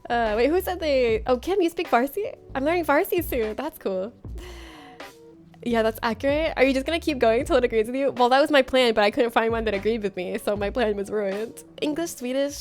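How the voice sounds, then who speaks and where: A woman's voice: high-pitched, brisk, darkish tone, faint music behind. A woman from Florida, streaming a game and casually chatting with viewers, playful and laughing often as she reads chat aloud. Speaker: livestreamer.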